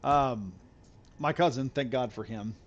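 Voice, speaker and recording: A man's voice: medium pitch, a little slow, dull audio. A man chatting loosely to viewers while he live streams a game, rambling and repeating himself. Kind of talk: casual live stream chat while gaming.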